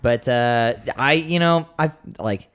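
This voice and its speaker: A man's voice: medium pitch, takes it slowly, fairly bright tone, clear, resonant tone. A man co-hosting a podcast, chatting casually in a joking, profane way. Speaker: podcast co-host.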